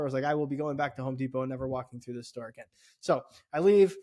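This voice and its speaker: Talking fast in a mid-range voice, this middle-aged podcast co-host relates a story in a casual, animated way. Swearing peppers his speech, and indignation sends his voice climbing sharply.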